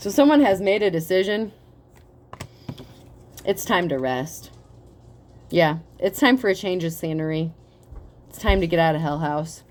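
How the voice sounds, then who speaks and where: A woman giving a casual tarot reading, talking in a profane, animated way and laughing often. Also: fairly low pitch, slight background noise. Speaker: tarot reader.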